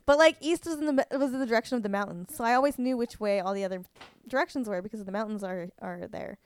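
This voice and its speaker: A woman's voice: fairly high pitch, fast talker, clear, resonant tone. A woman in a casual chat, frank and teasing.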